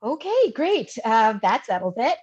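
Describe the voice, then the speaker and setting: Woman reading an eager young writer, high voice, slightly muffled audio, live play reading. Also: big pitch swings, a little mellow, breathy edge, exaggerated voice. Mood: excited. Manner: eager, quick questions and sudden exclamations. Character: young woman aspiring writer leading the group.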